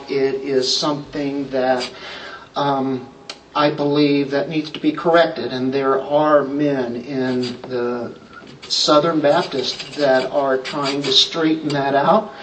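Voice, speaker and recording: A man's voice: mid-range voice, steady tone, slow, recorded from a distance, slight background noise, low-quality recording. A man preaching an expository sermon as pastor, plain-spoken and emphatic, asking rhetorical questions.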